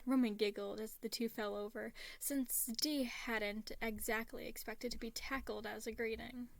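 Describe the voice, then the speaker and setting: A woman reading a fan story aloud in steady narration, sometimes dropping to a soft whisper. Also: a little high, normal speed, creaky. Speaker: fan fiction reader.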